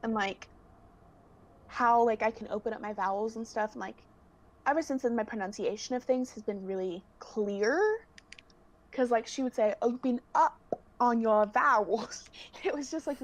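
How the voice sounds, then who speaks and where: Chatty young woman, slightly high voice. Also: normal speed, darkish tone. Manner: chatty and giggly, fills speech with "like". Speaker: guest singer. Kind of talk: casual chat. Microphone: video call.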